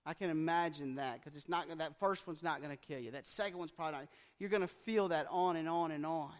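A man's voice: fairly high pitch, brisk, in a large hall. A man preaching a conversational sermon in a folksy manner, acting out what people in the scripture might say. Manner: folksy, acts out quoted speech in plain voice.

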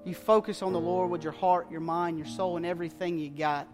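A man preaching a sermon in a church, telling a story in an animated, plain-spoken way. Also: sits high, a little fast. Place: church sanctuary. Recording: long church reverb with faint music.

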